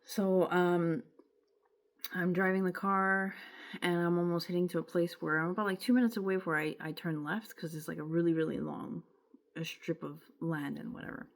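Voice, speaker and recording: A woman's voice: on the low side, fairly even intonation, normal speed, creaky. A young woman from Quebec with a Quebec French accent, telling a rambling, emotional personal story in a casual vlog. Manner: rambling, emotional, with filler words and self-interruptions. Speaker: vlogger.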